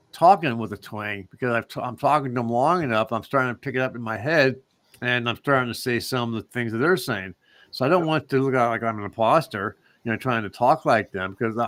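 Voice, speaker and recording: A man's voice: mid-range voice, fairly bright tone, dry recording. Rambling man co-hosting a chat show. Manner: rambling, meandering talk. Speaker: co-host. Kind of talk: casual chat.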